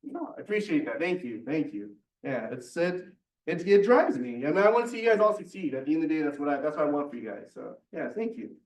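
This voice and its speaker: In a large, echoey meeting room, a man runs a real estate office meeting, chatty and excited, repeating words as he encourages everyone. His voice sits on the high side and is sing-song, moving quickly with hardly any pauses. He's recorded from a distance, heard from afar.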